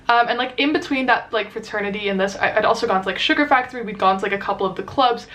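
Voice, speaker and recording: A woman's voice: a little high, steady tone, a bit bright, muffled recording. A young woman vlogging, telling a dating story in a casual, chatty way with lots of fillers. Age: young adult. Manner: chatty, fast and filler-heavy, acts out quotes.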